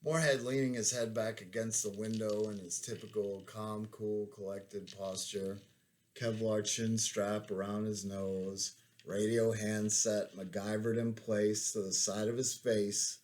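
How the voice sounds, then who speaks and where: A man, an army veteran, reading his own memoir aloud in a measured, plain-spoken way. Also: fairly low pitch, level tone, a little mellow.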